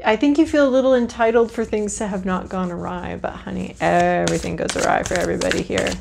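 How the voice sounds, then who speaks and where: A woman's voice: fairly low pitch, steady tone, fast, vocal fry, noisy background. A woman reading tarot cards to camera in a casual, frank, chatty way, thinking aloud as she draws. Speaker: tarot reader.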